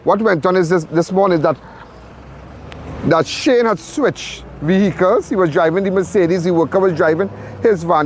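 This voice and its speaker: A man's voice: high voice, slight background noise. A man hosting a crime show, giving urgent, repetitive live commentary from a crime scene.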